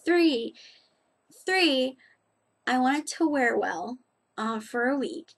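A woman's voice: high-pitched, lively intonation, slow. Chatty woman reviewing nail polish. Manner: chatty, rambling, self-deprecating. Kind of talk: casual product review vlog.

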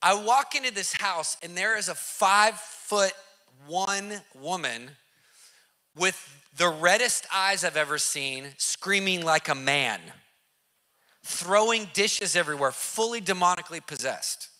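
High, bright-voiced man telling a dramatic story. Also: measured pace. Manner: excited, acts out quoted voices, repeats phrases for emphasis; casual slang, addresses listeners directly. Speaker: preacher telling a personal story. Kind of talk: animated testimony storytelling.

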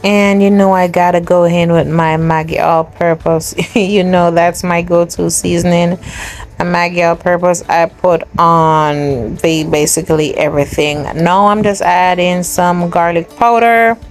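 A woman's voice: lowish voice, fairly even intonation, measured pace, faint music behind. A young woman with a Jamaican accent chats through a home cooking demo, talking straight to her viewers and laughing often. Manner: chatty, addresses viewers as guys, laughs often. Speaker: cooking vlogger.

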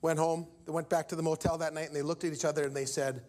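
A male preacher telling a story from the pulpit in an animated way, acting out each character's lines. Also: a little high, quick pace. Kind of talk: storytelling sermon.

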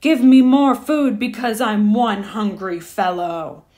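A woman voicing a huge, greedy male ghost who roars slow, booming demands in a storybook read-aloud. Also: a little mellow. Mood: demanding.

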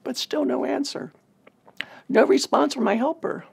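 A woman, a ministry leader, telling a personal testimony in an earnest, measured way. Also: high voice, creaky, darkish tone.

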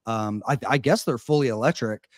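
Casual co-host, male, relaxed storyteller, mid-pitched, dry close mic. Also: fairly quick, no room sound. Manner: laid-back, storytelling with lots of "like" and "man". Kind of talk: casual chat. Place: Austin.

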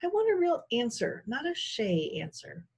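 An impatient, bossy female mouse from a storybook, as a woman reading aloud puts her on. She speaks in a raised, slightly husky voice, brisk and exasperated. The lines come quick and pushy. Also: fairly high pitch, huge pitch swings, pitched above the performer's own voice, exaggerated voice. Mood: urgent.

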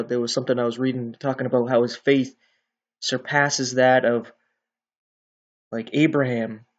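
A man talks through a Bible passage in a loose, conversational way, now and then checking in with his listener. His voice sits at an ordinary middle pitch. The recording sounds a little dull and lo-fi. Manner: conversational, often ends with "right?". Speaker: bible teacher. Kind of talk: casual bible teaching.

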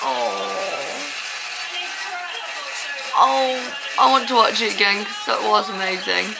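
A woman giving an excited, casual reaction commentary as a dance vlogger, gushing, gasping and exclaiming as she watches. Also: medium pitch, slow, creaky, long pauses. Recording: music playing loudly behind her.

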